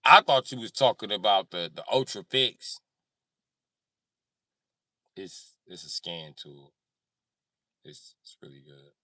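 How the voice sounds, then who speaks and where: A man's voice: fairly low pitch, animated, takes it slowly, long pauses, pushed and bright, dry recording. A man chatting on a livestream, joking and cursing in a rambling way. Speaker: livestream host. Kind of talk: casual livestream chat.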